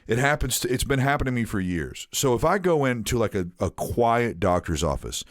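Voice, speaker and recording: A deep-voiced man spinning a long story on a casual podcast. His pitch rises and falls a lot as he acts out the scene, and he swears freely. The sound is close and dry, with no room in it. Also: sing-song, a little fast, no room sound. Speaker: podcast host.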